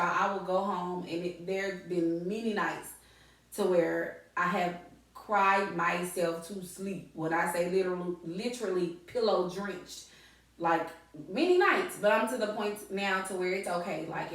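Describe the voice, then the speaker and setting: A woman's voice: lowish voice, fairly bright tone. A middle-aged woman hosting a podcast, chatting casually and animatedly, laughing often and repeating words for emphasis. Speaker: podcast host. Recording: echoey room, distant mic.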